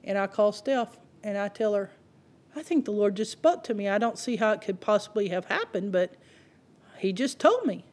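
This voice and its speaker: A woman preaching a sermon, telling stories in an animated way and acting out the people she quotes. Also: medium pitch, moderate pace. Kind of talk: sermon with storytelling.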